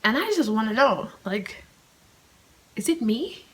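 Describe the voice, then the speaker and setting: A woman's voice: on the high side, lively intonation, unhurried, low-quality recording. A young woman telling a story on her solo podcast, chatty and slangy, often dropping into a whisper. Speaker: podcast host.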